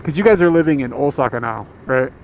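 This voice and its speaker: American guy in his 30s rambling to stream chat from a car, gravelly voice, road noise behind. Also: mid-range voice, expressive, fast, rough recording. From United States. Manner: rambling, laid-back, laughs often. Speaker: livestream host. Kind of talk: casual chat with stream viewers. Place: inside a moving car on a road.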